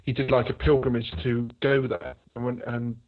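A man's voice: mid-range voice, level tone, normal speed, lo-fi sound. A man co-hosting a casual podcast, joking and teasing the others.

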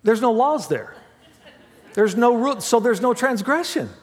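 A man preaching a sermon as pastor, mixing humorous family stories with hushed prayer. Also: very high voice, lively intonation, normal speed. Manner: dramatic swings from loud to hushed prayer; humorous storytelling with laughs. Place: church sanctuary. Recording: long hall reverb.

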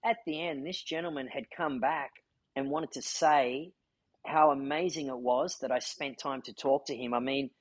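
A man hosts a podcast and recounts a story with earnest, heartfelt feeling. His voice has a husky grain and sits at a middle pitch. The sound is dry and close. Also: fairly even intonation, normal speed, no room sound, poor audio. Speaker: podcast host. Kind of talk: casual chat.

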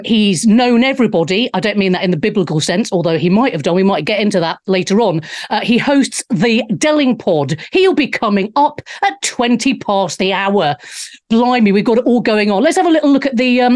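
A woman's voice: fairly high pitch, animated, fairly quick, a little mellow. A middle-aged woman hosting a live show, cheekily reading out chat comments. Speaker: show host. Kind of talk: casual live-stream chat.

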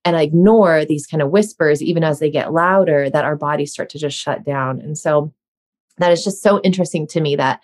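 Chatty, lower-voiced woman host. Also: a little fast, a little mellow. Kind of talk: casual podcast chat.

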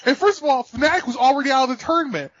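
Brief: man co-host, very high voice, excitable rants, swears a lot, dull lo-fi dry sound. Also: rapid-fire, no echo. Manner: animated, profane, ranting with laughter. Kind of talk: casual chat.

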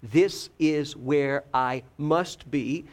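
A man voicing a self-assured twelve-year-old boy who calmly insists to his parents that he is where he belongs. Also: a little high, extremely slow. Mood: insistent. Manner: matter-of-fact, insistent.

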